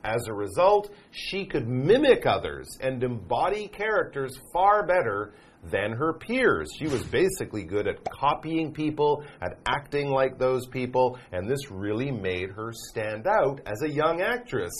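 Lively North American man teaching English. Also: mid-range voice, a little slow, slight background noise. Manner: lively, reads out phrases and rephrases them simply. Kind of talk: explaining a reading in a live English lesson.

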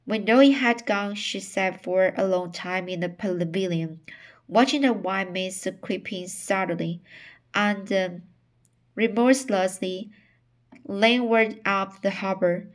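Woman, novel reading, slow pace, frequent stumbles and restarts. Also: medium pitch. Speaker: narrator.

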